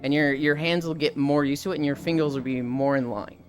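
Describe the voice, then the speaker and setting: A woman's voice: low voice, steady tone, brisk, soft background music. A young woman streaming live, chatting casually and acting out game characters' lines, on a headset mic.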